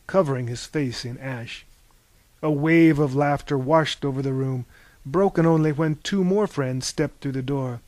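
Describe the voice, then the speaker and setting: A man narrating a story, reading with lively voices for its many characters. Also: dry recording. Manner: animated, bursts into loud high character shouts. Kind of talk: audiobook narration.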